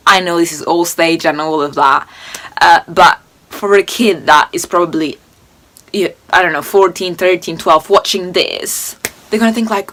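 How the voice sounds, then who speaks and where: A woman's voice: on the low side, moderate pace, a bit bright, a little hiss or hum. A woman in her twenties giving casual reaction commentary, indignant and rambling, with many restarts. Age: 20s. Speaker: reaction video host.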